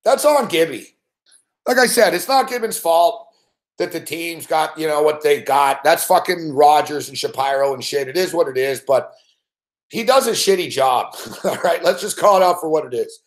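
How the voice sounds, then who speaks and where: Man, sports host, profane angry rant, high voice, echoey room. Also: lively intonation, normal speed. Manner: swears constantly, rants in frustrated outbursts. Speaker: sports betting show host. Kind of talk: profane live-stream rant.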